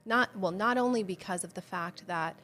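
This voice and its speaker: A woman's voice: medium pitch, normal speed, pushed and bright, faint music behind. A woman hosting a livestreamed devotional Bible teaching, speaking earnestly and conversationally to her viewers and candidly sharing her own struggles of faith. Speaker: host of a Bible study show.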